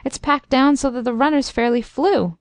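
A woman's voice: high-pitched, moderate pace, no room sound, pitched above the performer's own voice. A woman voicing a cheerful young man who talks in an easy, playful way. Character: cheerful young man, warm-hearted suitor.

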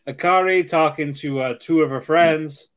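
A man co-hosting a laid-back anime podcast who laughs a lot and stumbles over his words while retelling plot. His voice sits a little high for a man. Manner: laughing, halting recaps with restarts. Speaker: podcast co-host. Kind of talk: casual chat.

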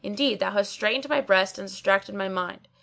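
A woman voicing an impatient young man who pleads and snaps loudly at a chatty barber. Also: medium pitch, normal speed, creaky. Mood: exasperated. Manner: loud, pleading, exasperated.

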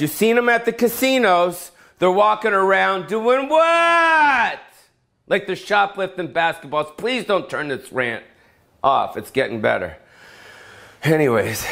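A middle-aged male comedian with a slightly high, somewhat bright voice rants on his own. His solo comedic rant is profane and rambling, packed with fillers and tangents.

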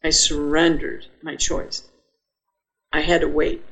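A woman's voice: sits low, flat delivery, slow pace, vocal fry, low-quality recording. An older woman, a podcast guest, telling a personal story vividly and acting out her own thoughts as she goes.

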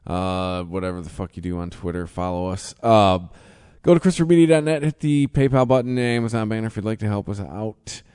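A man's voice: lowish voice, animated, a little fast, darkish tone, clean tone, big-room sound. A man in his forties co-hosting a podcast, laid-back and wry as he signs off the show. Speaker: podcast co-host. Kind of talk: casual chat.

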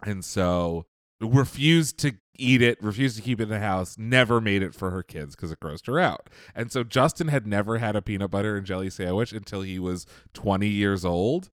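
A man co-hosting a podcast, telling stories in casual chat, animated and profane, laughing often. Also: on the low side, moderate pace, dry recording, clean studio sound. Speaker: podcast co-host.

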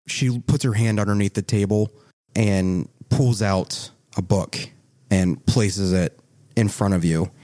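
A young man runs a tabletop game as game master. His voice is low and sits in a dry, close sound. He teases the players and narrates with small hesitations. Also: steady tone, slow, mellow, no room sound.

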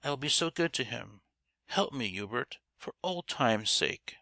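A man's voice: lowish voice, moderate pace, sharp tone, no echo. A man voicing a seductive, scheming woman who mocks and then pleads passionately, in a storybook reading. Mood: pleading. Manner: mocking then impassioned pleading.

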